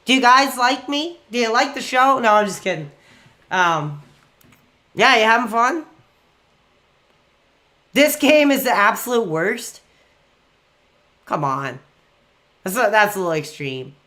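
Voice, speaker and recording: Bright-voiced, excitable male streamer. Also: high-pitched. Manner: excitable, rambling, quick to get worked up. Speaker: live streamer. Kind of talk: casual live-stream chat while gaming.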